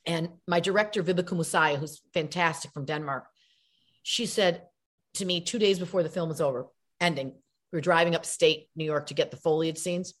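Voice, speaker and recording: A middle-aged actress being interviewed, chatting and telling animated stories with acted-out voices. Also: female voice, deep voice, moderate pace. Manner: animated storyteller, acts out voices. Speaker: guest actress. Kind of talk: casual interview chat.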